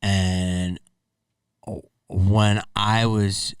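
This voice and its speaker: A man's voice: low-pitched, flat delivery, drawn-out words, clear, resonant tone, no room sound, clean studio sound, recorded from a distance. A man hosting a podcast, reacting to clips in a blunt, rambling, profane way. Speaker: podcast host. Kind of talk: casual reaction commentary.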